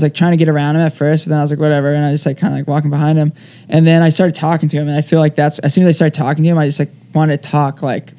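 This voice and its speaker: A man's voice: on the high side, darkish tone. A young man telling a story as an interview guest, rambling casually with lots of filler words. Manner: rambling, heavy use of "like" fillers.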